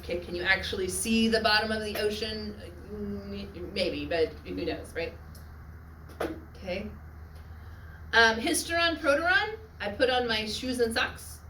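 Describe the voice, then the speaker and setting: A woman teaching a Latin class on literary devices, often checking in with her students and adding quick asides. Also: mid-range voice, fairly bright tone, slight background noise. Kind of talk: classroom lecture. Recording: echoey classroom from far off.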